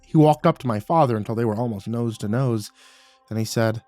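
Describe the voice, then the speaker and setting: A male horror storyteller in the first person, with an ordinary mid-range voice. He reads in a measured, hushed way, often dropping softer on the tense moments. A faint music bed sits behind him. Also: mid-range voice, no echo.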